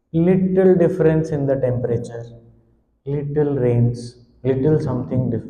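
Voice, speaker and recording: A man, a swami, giving a devotional discourse on a hymn, with expressive storytelling that sometimes speaks in the voice of a helpless infant. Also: mid-range voice. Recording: echoey hall.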